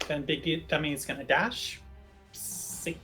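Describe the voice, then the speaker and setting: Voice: medium pitch, a little slow, pushed and bright, soft background music. A player in a tabletop game talking casually and hesitantly, with many fillers.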